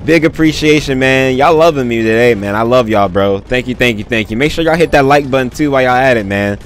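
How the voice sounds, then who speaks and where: A man's voice: medium pitch, a little fast, a little hiss or hum. Hyped slangy male game streamer. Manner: hyped, slangy, thanks viewers often. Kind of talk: casual live-stream commentary.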